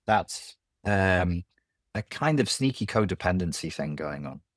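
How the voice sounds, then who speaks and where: A man speaking as a podcast guest in a candid conversation, blunt and animated, who swears freely. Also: low voice, unhurried, no echo, clean studio sound. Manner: blunt and animated, swears, acts out quoted voices.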